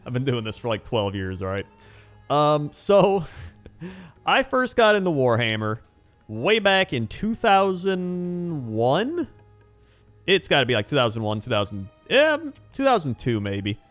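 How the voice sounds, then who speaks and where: A man in his thirties talks through a long personal story in a loose, rambling vlog style, dotted with fillers and easy laughter. His voice sits at an ordinary middle pitch, and faint music plays quietly behind him. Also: big pitch swings, normal speed. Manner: rambling, chatty, laughs often, many fillers. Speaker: hobby channel host. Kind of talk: casual storytelling.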